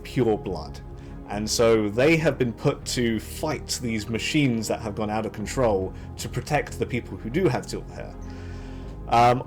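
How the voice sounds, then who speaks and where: A young man giving a casual, chatty review of anime, often restarting his sentences. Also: mid-range voice. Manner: lively, chatty, frequent restarts and fillers. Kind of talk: casual commentary.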